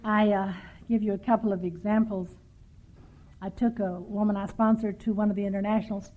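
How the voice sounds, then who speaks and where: A woman's voice: mid-range voice, level tone, fairly quick. An older woman from Texas speaking at a recovery workshop, telling stories with dry, self-mocking humor. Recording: tinny lo-fi 1990s tape.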